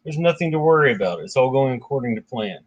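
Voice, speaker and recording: A man's voice: medium pitch, animated, fast, dull audio, natural voice. Guy reading out a slick trickster god, brushing off worries, pretty plain voice. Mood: breezy. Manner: glib, reassuring, dismissive. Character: scheming male trickster god.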